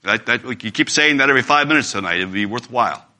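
A man's voice: medium pitch, lively intonation, fast, bright, forceful tone. A man preaching a sermon in an earnest, emphatic way, reading scripture aloud.

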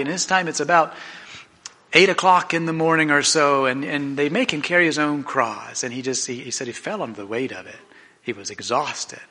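A man preaching a sermon in an animated, conversational way, often restarting his sentences. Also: a little high. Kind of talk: sermon storytelling.

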